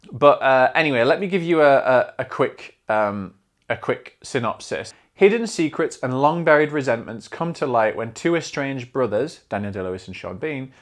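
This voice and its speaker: Chatty Northern English man reviewing films. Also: medium pitch. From north of England. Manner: chatty and digressive, with many restarts. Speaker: film reviewer and show host. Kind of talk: casual film review monologue.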